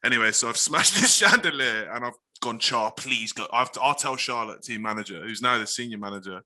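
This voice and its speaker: A man's voice: mid-range voice, a little fast, pushed and bright. A man co-hosting a podcast, telling a laid-back, sweary anecdote in casual chat. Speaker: podcast co-host.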